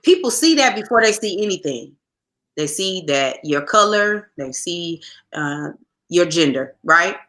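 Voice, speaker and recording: This woman co-host has a lowish, animated voice with a sharp tone and talks a little slowly. Reading listener comments on a casual podcast, she tells stories with emphasis, repeating herself and restarting her sentences.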